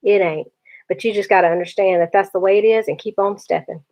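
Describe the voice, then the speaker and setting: A woman reading aloud, voicing a gruff older teenage brother who is blunt but protective. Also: mid-range voice, fairly even intonation, fast talker, a little mellow, close to an everyday voice. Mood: scolding. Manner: blunt, scolding. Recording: dull lo-fi recording.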